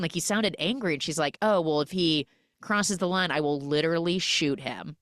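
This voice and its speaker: A woman hosting a podcast, retelling a film's plot in a casual, animated way and acting out the characters' lines in quick quoted voices. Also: on the low side, no echo, clean studio sound. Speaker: podcast host recapping a film.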